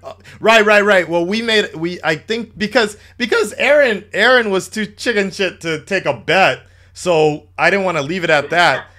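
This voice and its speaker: Bright-voiced laid-back male stream host. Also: sits high, normal speed, few pauses. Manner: chatty, laid-back, many fillers and restarts. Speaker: livestream host taking calls. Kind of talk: casual call-in chat.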